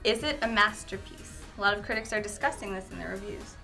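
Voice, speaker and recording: A woman's voice: medium pitch, quick pace, vocal fry, bright, forceful tone, faint music behind. A woman co-hosting a film review show, chatting casually and dropping wry asides.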